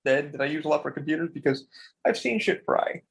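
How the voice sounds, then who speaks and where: A man's voice: on the high side, animated, a little fast, vocal fry, breathy edge. A man co-hosting a podcast, telling rambling stories in casual chat and swearing freely. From Florida. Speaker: podcast co-host.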